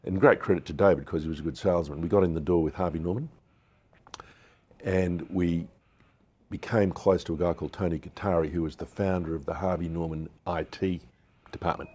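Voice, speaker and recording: A low, steady male voice, darkish with a breathy edge, moving a little fast. The speaker, an Australian founder in his sixties, trades frank anecdotes in an interview and acts out what others said.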